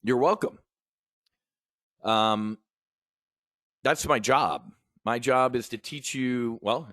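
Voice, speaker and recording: A man hosting a live options trading brief, talking in an energetic, rambling, conversational way with emphatic asides. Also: mid-range voice, takes it slowly, pauses often, no echo, clean studio sound. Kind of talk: livestream trade brief.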